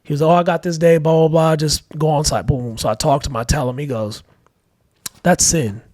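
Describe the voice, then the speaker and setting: The podcast guest, a father, talks a little fast in a slightly high, steady, somewhat mellow voice. He relates candid fatherhood stories in heartfelt, casual conversation, scattering "like" throughout and acting out quotes. The sound is dry and clean, as from a studio.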